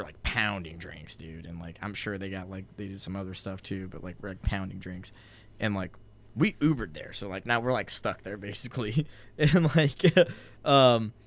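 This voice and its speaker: A man's voice: fairly low pitch, fairly bright tone. Rambling young man telling a story. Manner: rambling, profane, heavy on filler "like". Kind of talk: casual storytelling chat.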